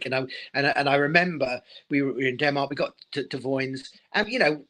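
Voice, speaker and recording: A man's voice: medium pitch, fast talker, hardly any pauses, sharp tone. A middle-aged man and former speedway rider in a casual live interview, talking emotionally and repeating his words.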